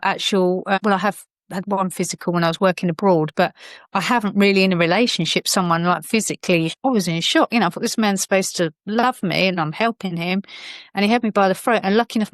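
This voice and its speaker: A woman's voice: medium pitch, no room sound. A woman, a podcast guest, telling an emotional personal story in a rambling way, full of fillers and restarts.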